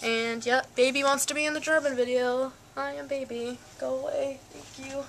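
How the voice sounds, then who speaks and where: A woman's voice: sits high, steady tone, normal speed, fairly bright tone, a little hiss or hum. A young woman vlogging casually, rambling with lots of "like" and "um", filmed on a handheld camcorder. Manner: rambling, full of fillers and "like". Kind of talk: casual chat. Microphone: flip cam.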